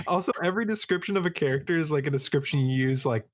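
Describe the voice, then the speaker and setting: A co-host in casual, giggly, animated banter. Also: mid-range voice, normal speed. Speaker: podcast co-host.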